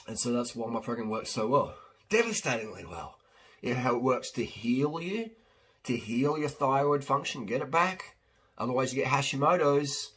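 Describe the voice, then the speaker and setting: A diet coach rambles through an unscripted one-take monologue. His husky, mid-pitched voice stays blunt and casual as he jumps between points. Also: fairly bright tone.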